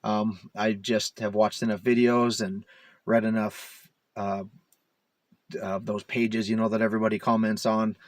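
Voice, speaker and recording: A man's voice: fairly low pitch, little pitch movement, unhurried, dry recording. A man rambling casually to the camera as a DIY car repair vlogger, full of fillers and self-mocking asides, recorded inside a parked SUV.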